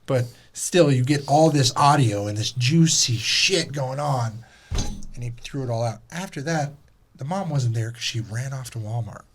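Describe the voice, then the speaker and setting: A man hosting a podcast, telling stories casually and lively, swearing and acting out the people in them. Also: medium pitch, normal speed, husky. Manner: animated, swearing, acts out voices in his stories. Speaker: podcast host. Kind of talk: casual storytelling chat.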